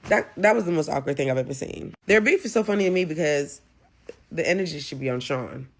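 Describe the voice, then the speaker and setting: A woman's voice: low voice, animated, fast. A woman with a Southern American accent giving a sassy, playful recap of a reality show, full of dramatic asides. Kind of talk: casual recap commentary.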